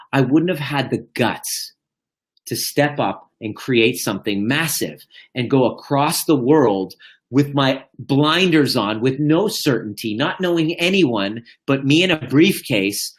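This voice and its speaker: Male life coach, live Q&A, energetic and blunt, swears freely, mid-range voice. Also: mid-range voice. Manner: animated, profane, swings between loud and hushed. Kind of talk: live stream Q&A. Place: indoors, live video.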